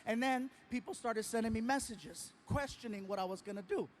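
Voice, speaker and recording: A man's voice: very high voice, brisk, slight background noise. A man performing a stand-up comedy routine, telling a story with animation and acting out other people.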